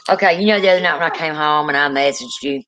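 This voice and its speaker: Woman host with a bright, forceful voice and a low pitch, animated storyteller, soft music under her. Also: fast talker, slight background noise, rough recording. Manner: animated storyteller, rises high when quoting. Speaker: livestream co-host. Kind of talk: casual livestream chat, storytelling.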